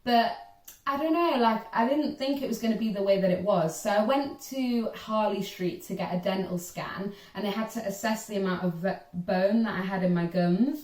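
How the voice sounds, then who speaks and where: A young woman, chatting casually as host and telling her story with animated acted-out quotes. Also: medium pitch, normal speed, recorded from a distance. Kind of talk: casual chat. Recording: echoey room, voice from off-mic.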